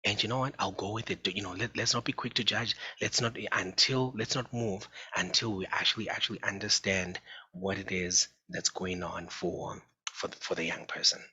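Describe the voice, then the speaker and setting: Deep-voiced, bright, husky man presenting. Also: steady tone, normal speed, muffled recording. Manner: earnest, repetitive, addresses listeners as folks. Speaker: psychologist giving a parenting talk. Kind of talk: informal presentation.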